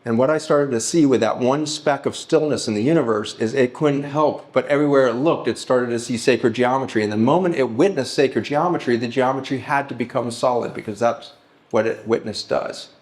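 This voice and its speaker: A middle-aged man speaking to a live audience at a festival, telling stories and slowing down to act out heartfelt pleas. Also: medium pitch, a little mellow. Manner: storytelling, slows and lifts his voice to act out pleas.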